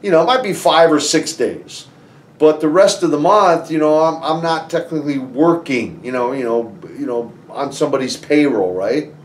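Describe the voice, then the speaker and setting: Man guest, animated storyteller with frequent restarts, recorded roomy and a bit distant. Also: a little high, normal speed. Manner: animated, many restarts and "you know"s. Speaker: interview guest, former wrestler. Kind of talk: conversational storytelling. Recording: roomy, somewhat distant from the mic.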